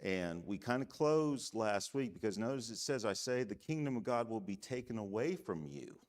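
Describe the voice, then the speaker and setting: A middle-aged man from the United States teaching a church Bible class, measured and emphatic, often checking in with "okay?". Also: fairly low pitch, animated.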